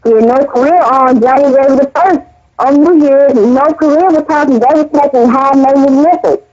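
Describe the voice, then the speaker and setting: A woman's voice: sits high, normal speed, darkish tone. A woman earnestly recounting her dreams in casual, rambling speech full of restarts. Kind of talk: casual spoken testimony. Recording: dull lo-fi audio.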